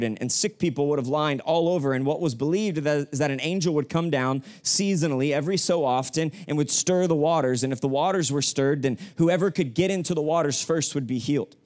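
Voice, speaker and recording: Speaking in a mid-range voice with a darkish tone, a young male pastor preaches in a church sanctuary. His style is laid-back and slangy, and he invites the congregation to say phrases back to him.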